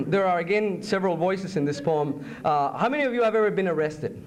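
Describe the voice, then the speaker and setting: A male poet reading his work aloud live to a college audience, animated, moving between English and Spanish. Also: high voice, fairly quick, crowd noise.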